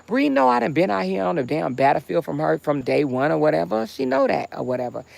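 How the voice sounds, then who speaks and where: A woman's voice: sits low, very animated, fast, vocal fry, a little mellow. A woman hosting a casual livestream, talking bluntly and heatedly with chatty asides. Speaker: livestream host.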